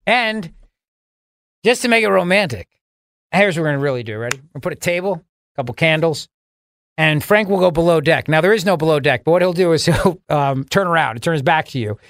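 High-voiced sarcastic male radio host. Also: expressive, brisk, fairly bright tone, no room sound. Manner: sarcastic, rambling, laughs at his own jokes. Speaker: radio talk show host. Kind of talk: joking radio banter. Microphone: studio microphone.

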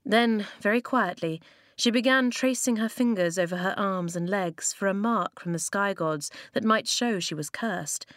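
A woman reads an audiobook in a calm, even manner, her voice sitting mid-pitch. The recording is dry and close, with no room around it. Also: normal speed, no room sound. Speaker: narrator. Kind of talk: audiobook narration.

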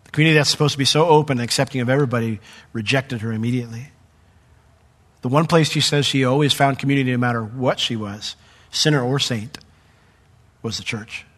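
A middle-aged male pastor preaching a sermon, animated when retelling a story and hushed when sharing his own testimony. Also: mid-range voice, fast. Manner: animated storyteller, voice jumps up when acting out the crowd; drops to a soft, hushed tone for personal testimony.

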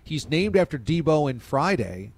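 Animated sports talk-show host man. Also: moderate pace, breathy edge. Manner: animated, enthusiastic, pitch swings.

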